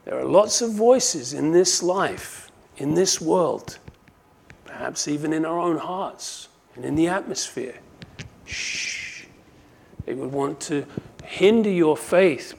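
A man preaching a sermon, who acts out the quoted cries and moves from hushed asides to loud, impassioned calls. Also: on the high side, gravelly, husky. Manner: swings from hushed to shouting when quoting cries; dramatizes quoted voices.

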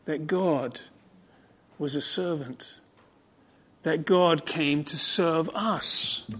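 High-voiced fervent male preacher. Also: very slow, husky. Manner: fervent, emphatic, swings from hushed to ringing. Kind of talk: expository sermon.

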